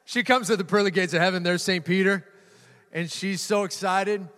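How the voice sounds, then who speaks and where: A man's voice: high voice, fairly even intonation, normal speed, a bit bright. A male pastor preaching a sermon to a live audience, conversational and jokey, often repeating words. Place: church hall with live audience. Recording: reverberant church hall.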